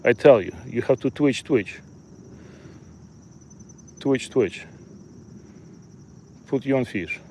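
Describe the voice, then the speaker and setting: A man's voice: mid-range voice, expressive, takes it slowly, long pauses, a little mellow. A man putting on a mock Russian accent to play a cocky fisherman who boasts in broken English. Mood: boastful. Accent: put-on Russian. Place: outdoors by a lake.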